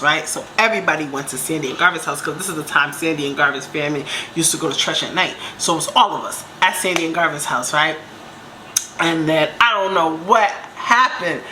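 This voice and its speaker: A young woman casually telling a storytime, animated and laughing, acting out other people's lines in high voices. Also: a little hiss or hum. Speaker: storyteller vlogger.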